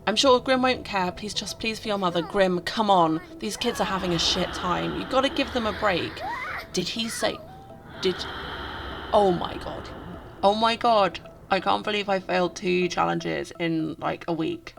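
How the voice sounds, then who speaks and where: A woman giving casual, expressive let's-play commentary, breaking into exasperated, dramatic outbursts. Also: medium pitch, moderate pace, gravelly, music in the background. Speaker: gameplay commentator.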